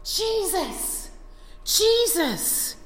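Desperate blind male beggar shouting for help, put on by a woman preacher; high, reverberant hall. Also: animated, takes it slowly. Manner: shouting, pleading cries. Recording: echoey hall, faint ambience.

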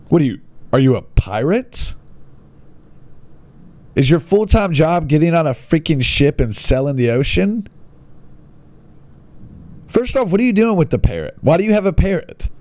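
A young man reads classified ads aloud and pokes fun at them in a sarcastic, incredulous way. His pitch swings widely as he jokes. The sound is dry, with almost no room echo. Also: dark tone. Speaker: online video host reading classified ads. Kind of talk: casual comedic commentary.

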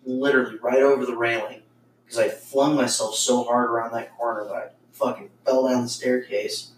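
A man's voice: mid-range voice, fairly even intonation, moderate pace. A man casually telling a ghost story on a podcast, rambling with lots of swearing and fillers. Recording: roomy, distant mic with faint noise.

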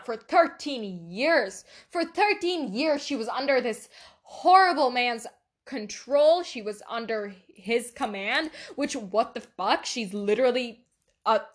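With a fairly high, slightly bright voice, a teen girl runs her own casual podcast alone. She's chatty, curses plenty, and laughs frequently.

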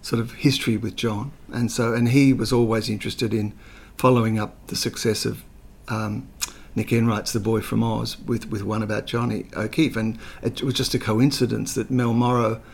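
A man's voice: fairly low pitch, level tone, normal speed, gravelly, hardly any pauses. An older man, talking as an interview guest, telling chatty anecdotes full of fillers. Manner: chatty storyteller, hesitant with fillers, slips into voices.

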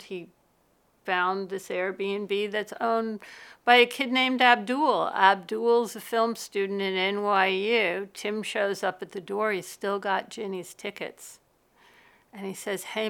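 A woman film producer telling a movie pitch as a story, vivid and dramatic, with big swings in loudness. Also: clean tone. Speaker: film producer and school director.

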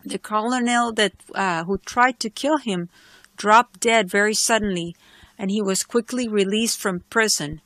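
A woman's voice: medium pitch, unhurried, fairly bright tone, no echo. A woman host solemnly and earnestly telling a personal religious testimony. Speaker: Christian podcast host.

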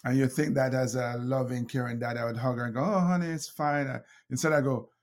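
A man's voice: mid-range voice, little pitch movement, fast. A middle-aged man with a Jamaican accent, a guest telling anecdotes with frequent laughs, fillers and restarts. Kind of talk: storytelling conversation.

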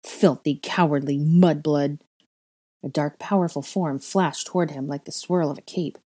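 A woman's voice: low voice, moderate pace, warm tone, breathy edge. A woman expressively reading a story aloud as narrator. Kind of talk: fan fiction reading.

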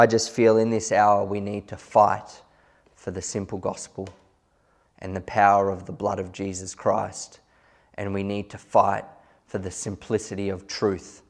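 Gravelly low-voiced male preacher. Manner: earnest, emphatic, slows down to stress key words; loose and conversational, with small asides. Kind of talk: sermon.

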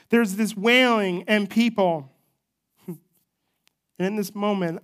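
A pastor delivers a sermon in a relaxed, conversational storytelling manner, moving through a scripture passage and pausing for personal asides. The voice sits at a middle pitch.

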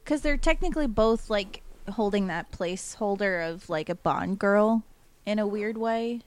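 Female co-host, middle pitch, loose rambling chat full of fillers. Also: moderate pace. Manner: rambling, heavy use of "like". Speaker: podcast co-host. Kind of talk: casual chat.

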